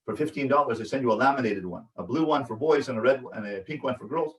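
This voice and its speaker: A man's voice: medium pitch, fast talker. A man, a rabbi, giving a parenting lecture in an emphatic, repetitive way that keeps checking in with his listeners. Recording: echoey room, voice from a distance.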